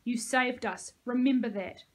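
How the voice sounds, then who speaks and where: Storybook voice: a woman doing a cold, curt young fighter, steady and firm. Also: a little high, unhurried, lightly acted. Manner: curt, contemptuous.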